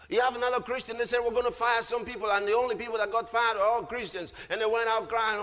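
A man preaches with a high, bright voice and fervent energy, often rising to a shout and stretching out his words. His voice rings with a long reverb, as in a church hall. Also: brisk, hardly any pauses. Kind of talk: sermon.

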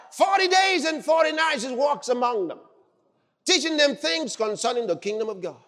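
A man preaching a sermon, exuberant and shouting out his exclamations. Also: very high-pitched. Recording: long hall reverb.

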